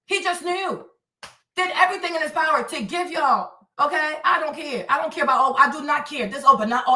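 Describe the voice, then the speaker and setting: A woman's voice: high-pitched, sharp tone, distant mic. A woman hosting a heated political commentary livestream. She preaches, repeats herself and hammers rhetorical questions, stopping to thank viewers for donations. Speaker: livestream host. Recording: echoey room, voice away from mic.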